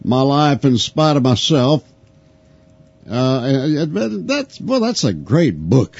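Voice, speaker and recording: Man, folksy radio host, joking, very animated pitch, dry muffled archive sound. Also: slow pace, vocal fry, breathy edge, no echo. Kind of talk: phone interview. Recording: dull archived phone interview.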